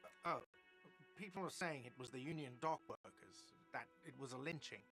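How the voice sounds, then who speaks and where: An actor playing an irritable, defensive cafeteria manager in a video game who talks curtly and sounds put-upon. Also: male voice, mid-range voice, moderate pace, pushed and bright, soft background music. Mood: grudging. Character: irritable middle-aged man running a cafeteria.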